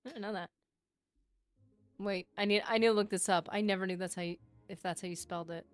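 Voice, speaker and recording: A woman streamer reading a game book aloud on a livestream, steady narration broken by chatty asides. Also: mid-range voice, fast talker, no echo.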